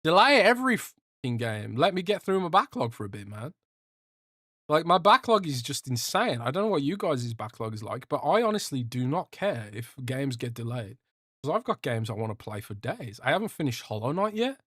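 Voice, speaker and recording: A man's voice: mid-range voice, very animated, moderate pace, fairly bright tone, no echo, clean studio sound. A young man hosting a casual livestream podcast, joking and rambling as he reads out chat. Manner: rambling, joking, swears a lot, trails off. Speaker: podcast host reading live chat.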